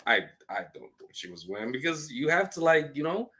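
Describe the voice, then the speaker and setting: A man co-hosting a casual faith-based podcast chat, animated and acting out little quoted dialogues. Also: mid-range voice, quick pace, few pauses.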